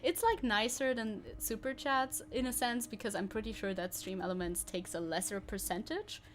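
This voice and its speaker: A woman's voice: on the high side, normal speed. A woman streamer giving casual gameplay commentary, chatty and giggly, thinking aloud. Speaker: VTuber streamer.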